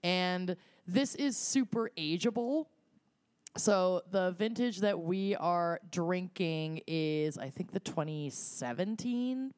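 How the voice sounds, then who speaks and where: A woman with a lowish voice co-hosts a casual podcast. She talks playfully and teases her friends. The sound is dry and close. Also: darkish tone, no room sound. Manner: playful, teasing, describes wine. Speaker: podcast co-host.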